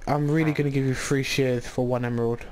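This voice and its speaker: Man, casual gameplay commentary, rambling and excitable, mid-range voice, faint hiss behind. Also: mid-range voice, quick pace. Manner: rambling, excitable, restarts sentences often. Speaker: gaming channel host.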